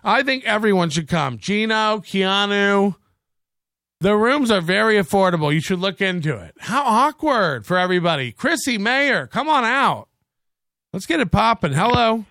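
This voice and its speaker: A man's voice: high-pitched, very animated, normal speed, sharp tone, no room sound, studio quality. A man hosting a casual solo livestream, ranting sarcastically and profanely and thanking viewers for donations. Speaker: livestream host.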